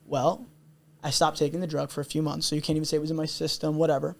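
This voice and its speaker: A man's voice: fairly high pitch, little pitch movement, fast, gravelly. A young man telling a personal story in a candid, intense, earnest way, as a podcast guest. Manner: intense, earnest, repeats himself.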